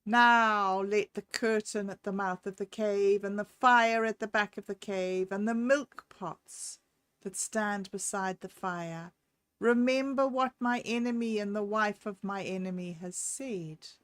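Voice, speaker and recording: Woman doing a slow proud tomcat, aloof and sly, dry recording. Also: mid-range voice, a bit bright, no room sound, close to an everyday voice. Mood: commanding. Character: proud aloof male cat, calm and cunning.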